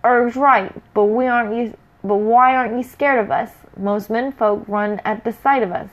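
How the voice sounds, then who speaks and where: A woman voicing a big, dimwitted male half-troll with a rough voice, blustering and boastful. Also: fairly high pitch, fairly even intonation, normal speed, lo-fi sound, lightly acted. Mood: gruff. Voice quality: rough, dropped-letter dialect speech.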